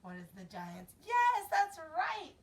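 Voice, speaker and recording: A young woman teaching a children's Bible lesson, telling the story slowly and expressively and acting out voices and sound effects. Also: very high voice, wildly swooping pitch. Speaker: children's Sabbath school teacher. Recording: distant mic with faint room noise.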